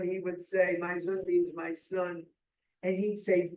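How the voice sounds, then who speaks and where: Older man, about seventy, high-pitched, emphatic heartfelt testimony, distant mic in a roomy hall. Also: steady tone, slow, a little mellow. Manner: heartfelt, emphatic storytelling with restarts. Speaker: speaker sharing at a recovery retreat. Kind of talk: personal testimony talk.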